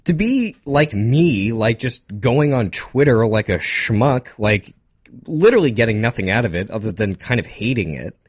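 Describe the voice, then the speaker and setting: A young man co-hosting a casual podcast, rambling through topics with quick asides, laughs and a slightly nasal voice. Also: medium pitch, big pitch swings, slightly rough, no echo, studio quality. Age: young adult. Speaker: podcast co-host. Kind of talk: casual chat.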